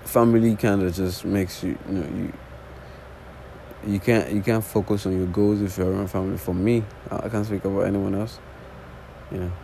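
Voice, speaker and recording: Low, mellow young man rambling casually. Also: steady tone, fairly quick, gravelly, slight background noise, poor audio. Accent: non-native English accent. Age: early 20s. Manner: rambling, casual, swears often, repeats false starts. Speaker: podcast host. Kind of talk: unscripted solo monologue. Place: sitting on the floor indoors.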